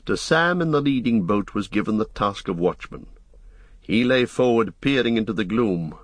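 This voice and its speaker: A man reading a fantasy story aloud as an audiobook narrator, in a steady storytelling manner. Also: on the low side, normal speed, husky, no room sound. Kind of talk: scripted narration.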